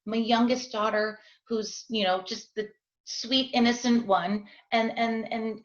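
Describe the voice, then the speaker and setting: On a video call from an echoey room with dull sound, a middle-aged woman with a mid-range voice gives earnest personal testimony about being a parent, often checking in with "right?".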